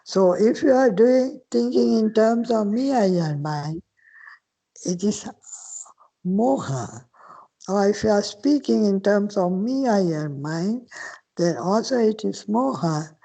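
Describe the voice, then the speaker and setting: Slow, gravelly-voiced older woman teaching. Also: medium pitch, expressive, warm tone, low-quality recording. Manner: slow, patient explaining with Pali terms, occasional whispered phrases. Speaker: Buddhist nun teacher. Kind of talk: dharma talk Q&A.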